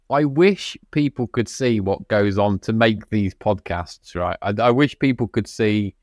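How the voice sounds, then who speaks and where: A man's voice: lowish voice, measured pace, few pauses, dry recording. Guy co-hosting a podcast, chatty, laughs a lot, trips over his words, dry close mic. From United Kingdom. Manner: chatty, laughing often, many restarts and ums. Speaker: podcast co-host. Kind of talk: casual chat.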